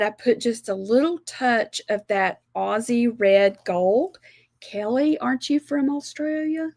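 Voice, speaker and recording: A Southern American woman from South Alabama demonstrates watercolor painting live, talking her viewers through each step. Her delivery is slow and unhurried, chatty and homey. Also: medium pitch, no room sound, clean studio sound. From South Alabama, USA. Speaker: art instructor.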